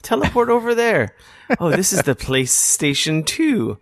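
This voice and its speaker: A man putting on the calm, gentle voice of a game's tutorial guide. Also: a little high, unhurried, no room sound, voice pushed up. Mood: calm instructive. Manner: calming, gently instructive.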